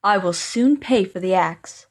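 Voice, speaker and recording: A woman voicing a clever young male scholar, calm and sure of himself, in a storybook reading. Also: mid-range voice, measured pace.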